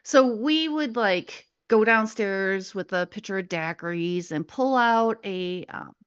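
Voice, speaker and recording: A woman's voice: mid-range voice, a little slow, smooth, highs cut off. A middle-aged woman, a podcast guest, telling a story in a chatty way, with laughs and many asides. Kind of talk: casual storytelling chat.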